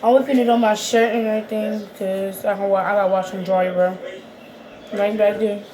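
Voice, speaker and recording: A woman's voice: medium pitch, level tone, a little fast, crowd noise. A woman with a Washington DC accent, chatting casually as she talks viewers through a how-to video in a slangy, rambling way. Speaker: vlogger.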